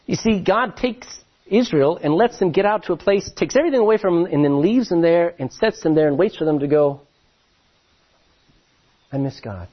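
Man preaching, high and lively voice, husky, dull lo-fi recording. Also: brisk. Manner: animated storytelling with many restarts. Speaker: pastor. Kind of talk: sermon.

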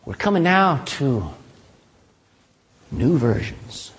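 A man preaching a sermon in a folksy, animated way, often asking the congregation "amen?". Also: medium pitch, slow, long reverb tail. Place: church.

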